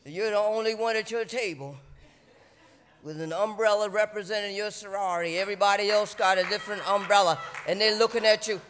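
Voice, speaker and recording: A man preaching a sermon to a congregation, shouting his exhortations. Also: sits high, a little fast, clear, resonant tone. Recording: echoey church hall.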